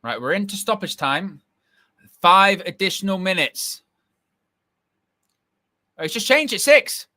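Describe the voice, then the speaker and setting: A young man doing casual live football watch-along commentary, reacting excitedly and shouting at big moments. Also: sits high, measured pace, pauses often, no echo, studio quality.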